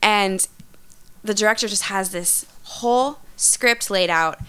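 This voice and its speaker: A woman's voice: mid-range voice, takes it slowly, fairly bright tone, clear, resonant tone. A young woman chatting as a guest, talkative and loose, with lots of fillers and casual swearing. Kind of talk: casual chat.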